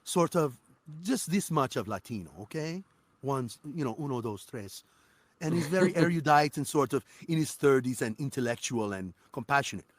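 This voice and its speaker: A man guesting on an interview podcast, a voice actor telling animated, profane stories about his work. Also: medium pitch, normal speed, no echo. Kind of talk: casual interview chat.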